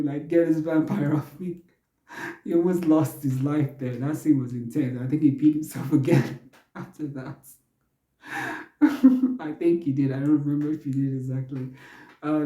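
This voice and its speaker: A man's voice: medium pitch, mellow, roomy sound, poor audio. A young man giving a casual spoken movie review, rambling with many fillers and restarts.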